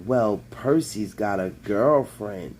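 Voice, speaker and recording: A man's voice: on the low side, slow pace, darkish tone, voice pushed down. A man reading as a giggly young girl. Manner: giggly, gossipy.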